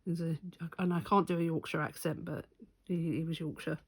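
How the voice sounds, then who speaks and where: Lady rambling through a funny story, bit low voice, dry sound. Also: flat delivery, a little fast, slightly rough, no room sound. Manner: chatty, rambling, amused, self-correcting. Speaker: stitching vlogger. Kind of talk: casual anecdotal storytelling.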